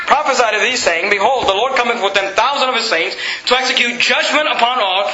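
A pastor delivering an emphatic sermon, a man who rises to shouts and reads scripture aloud to his congregation. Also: very high-pitched, background noise. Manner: emphatic preaching, rising to shouts. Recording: echoey room, dull lo-fi sound.

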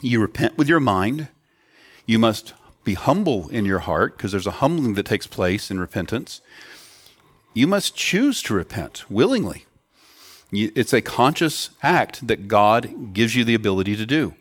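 A man's voice: lowish voice, sing-song, a little slow, breathy edge, dry recording. A man preaching a sermon to children and adults in an earnest teaching tone, putting questions to the children. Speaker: pastor.

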